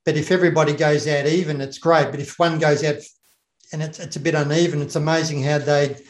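A man's voice: a little high, little pitch movement, fairly quick. Man with a roomy echo. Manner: rambling, repeats words, laughs often. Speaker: former special operations officer. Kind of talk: casual conversation.

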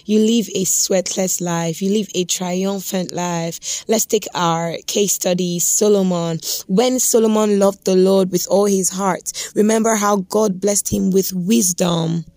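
A woman's voice: mid-range voice, fairly even intonation, measured pace, hardly any pauses, darkish tone, no room sound. A young woman hosting a devotional podcast, talking earnestly and repeating her points for emphasis. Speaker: podcast host.

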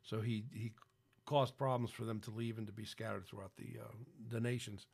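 A man's voice: fairly low pitch, little pitch movement, fairly quick, creaky, darkish tone, husky. A man hosting a podcast, rambling through casual Christian commentary with incredulous outbursts. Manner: frequent fillers and restarts. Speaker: podcast host.

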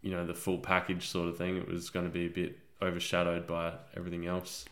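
Young aussie bloke, super low voice, rambles on a podcast, trails off a lot. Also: male voice, monotone, quick pace, fairly bright tone. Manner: rambling, laid-back, trailing off. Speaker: podcast co-host. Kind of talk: casual chat.

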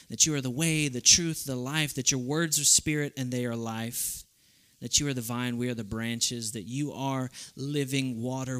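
A young man giving an animated sermon, telling stories with voiced asides and then leading a prayer. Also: medium pitch. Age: young adult. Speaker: youth speaker.

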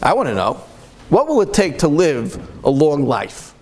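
A man's voice: on the high side, huge pitch swings, moderate pace, a little mellow, a little hiss or hum. Impassioned man preaching with rhetorical questions. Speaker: Torah speaker. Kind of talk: storytelling sermon.

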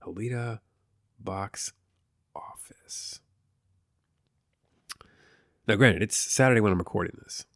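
A man with a low, gravelly voice talks through a movie review in a loose, rambling way. He swears freely and drifts into jokey asides. The sound is dry and close, with no room around it. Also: takes it slowly, pauses often, dry recording. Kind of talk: casual spoken movie review.

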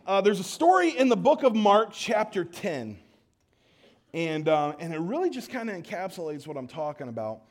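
A man preaching a casual sermon at a church service, joking with the crowd and restarting his sentences as he goes. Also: high-pitched. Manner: energetic, joking, audience call-and-response; conversational with frequent restarts.

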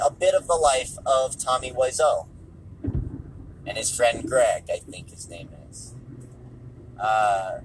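A man talks over movies in a relaxed, conversational way from behind the wheel of a car. His voice sits at an ordinary middle pitch, and he hammers his points home by saying them again. Faint vehicle noise hums underneath. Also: rough recording. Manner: conversational, repeats points for emphasis. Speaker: movie reviewer. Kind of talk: casual spoken commentary while driving. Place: car on the road.

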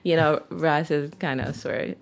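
A woman's voice: deep voice, steady tone, measured pace, gravelly. A Jamaican woman in her thirties, a guest in an interview, chatting casually with many fillers and laughs. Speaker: guest, T-shirt brand owner.

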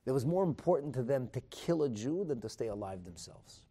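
A man teaching a Talmud class, animated and emphatic, asking rhetorical questions and mixing in Hebrew terms. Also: mid-range voice, quick pace, hardly any pauses, husky. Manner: mixes in Hebrew and Aramaic terms.

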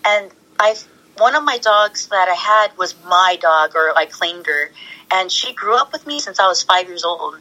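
A woman's voice: on the low side, expressive, moderate pace, bright, forceful tone, low-quality recording. A young adult woman talking as an interview guest, bubbly and rambling, with frequent laughs and many fillers. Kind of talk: casual interview chat.

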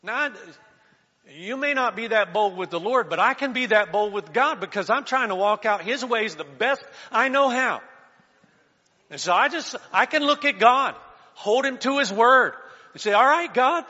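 Male pastor, high voice; sermon delivery with shouted calls and soft asides; dull, echoing church hall sound. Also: lively intonation, moderate pace. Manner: preaching with call-and-response, swinging from shouts to quiet asides.

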